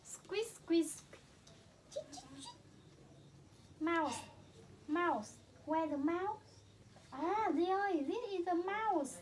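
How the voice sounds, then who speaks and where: A Vietnamese-accented mother teaching her child English with hand puppets, repeating words slowly and imitating animal sounds. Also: very high voice.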